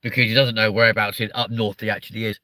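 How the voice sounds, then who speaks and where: A man's voice: on the low side, little pitch movement, fast talker, pushed and bright, no room sound. A man with a southern English accent hosting a live show, rambling, swearing and poking fun at himself as he chats with viewers. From southern England. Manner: rambling, sweary, self-mocking. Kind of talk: casual live-stream chat with viewers.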